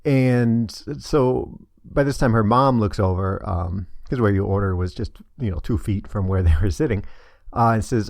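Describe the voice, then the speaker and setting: A middle-aged man tells a story in a casual, rambling way, with a lowish voice and lots of "uh" and "you know." The sound is close and dry, with no room around it. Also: moderate pace, no echo. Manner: rambling, hesitant, many fillers. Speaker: vlogger.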